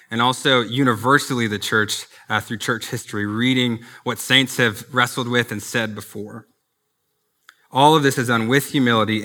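A man gives a sermon in a bright, clear-edged voice. He preaches earnestly but stays conversational, slipping in personal asides as a pastor. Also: mid-range voice.

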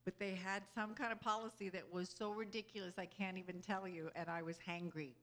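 A woman with a bright, forceful voice gives an inspirational talk to a group. She speaks earnestly and conversationally, keeps checking in with her listeners, and laughs easily between thoughts. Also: medium pitch, steady tone, fairly quick. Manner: earnest and conversational, often asking "you know?". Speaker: spiritual speaker.

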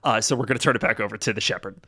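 A man's voice: lowish voice, rapid-fire, bright, forceful tone, husky. A man narrating a tabletop role-playing game as game master, casual and improvising with lots of fillers.

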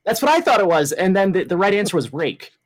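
A man with a somewhat high voice co-hosts a casual podcast, easygoing and quick to agree. He tells stories loosely and laughs along. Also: very animated. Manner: laid-back, agreeable, tells anecdotes with laughs. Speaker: podcast co-host. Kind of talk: casual profane chat.

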